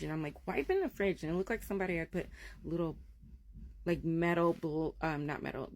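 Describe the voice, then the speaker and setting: Woman, 30s, low-pitched, dry close sound; animated casual ghost storyteller who acts out the voices. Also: no echo. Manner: animated, acts out quoted voices, drops to a hush at scary moments.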